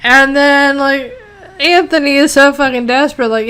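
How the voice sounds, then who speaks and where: A woman's voice: high-pitched, moderate pace, a bit bright, clear, resonant tone. A woman giving a casual ranting review of a TV episode, exasperated, sarcastic and profane, rambling with lots of fillers.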